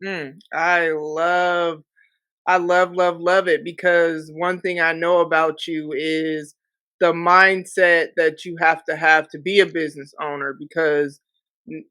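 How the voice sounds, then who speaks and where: A woman's voice: deep voice, level tone, slow, pushed and bright, clean tone, no room sound. A woman hosting a podcast in casual chat, reflective, with frequent filler phrases. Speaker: podcast host.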